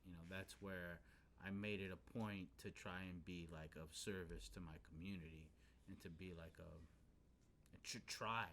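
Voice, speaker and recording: A man with a lowish, bright voice tells his story in a loose, unhurried way. He talks casually, piles on fillers and curses now and then. A faint rumble sits under the recording. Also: fairly even intonation. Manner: laid-back, heavy on fillers like "you know what I mean", swears casually. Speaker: podcast host. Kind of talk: casual storytelling in a men's talk circle.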